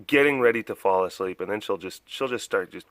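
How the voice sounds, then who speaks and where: A man's voice: on the low side, a little fast, fairly bright tone, no room sound. A young man vlogging at a big cat enclosure, rambling through a story and acting out other voices. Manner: chatty, often acts out other voices, laughs a lot.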